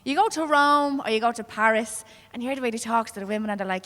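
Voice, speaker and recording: Her pitch fairly high and her tone fairly bright, a Dublin-accented Irish comedian races through her set with hardly any pauses. Onstage at a comedy club in a large hall, she's brash and profane, telling stories conversationally to the room.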